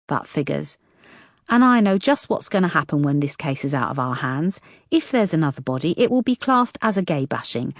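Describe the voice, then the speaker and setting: A woman's voice: low voice, dry recording, clean studio sound. A woman narrator voicing a weary, firm female police chief who speaks in a clipped, decisive way.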